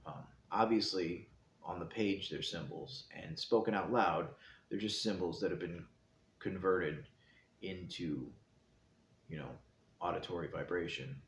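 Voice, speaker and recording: A man hosting his own show, giving a calm, meandering explanation while seated indoors. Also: deep voice, a little slow. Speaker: host. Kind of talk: casual reflective talk. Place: indoor room, seated in a chair. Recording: echoey room, faint background hiss.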